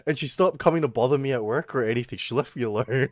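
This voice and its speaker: A young man tells a rant on stream in a loose, animated way, cursing freely and breaking into laughter as he goes. His voice sits at an ordinary middle pitch for a man. The sound is close and dry, with no room echo. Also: fast. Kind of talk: casual storytelling rant.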